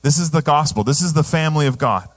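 A man's voice: on the high side, quick pace. A male pastor preaching a sermon in a conversational way, often asking the congregation questions.

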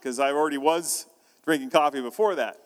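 A male pastor delivers a sermon in a loose, conversational storytelling style, often restarting his phrases. His voice sits a little high for a man. The sound carries the long reverb of a large hall. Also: brisk.

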